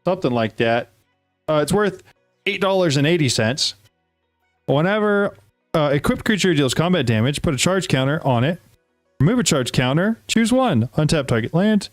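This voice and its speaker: A man hosting a casual card-opening video, chatting excitedly to viewers and reading card text aloud. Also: on the high side, normal speed, no room sound, clean studio sound, soft background music.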